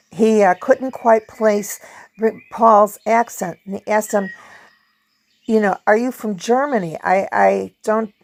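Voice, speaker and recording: Chatty woman with a gravelly voice. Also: mid-range voice, a little mellow. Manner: chatty, laughs often, hums song snippets. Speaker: video host; performer. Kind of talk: casual book review vlog.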